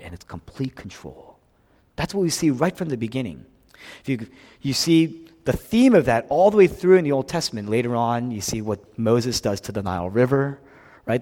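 A male pastor preaching with a lively, animated pitch, rising to loud emphasis and then dropping to near-hushed lines. His voice carries a long reverb, as if recorded in a big church sanctuary. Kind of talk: sermon.

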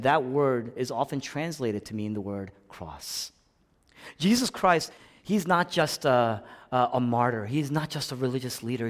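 A man in a mid-range voice preaches a sermon, moving from hushed, quiet lines to loud, impassioned ones and repeating phrases for emphasis. A long reverb tail trails his words.

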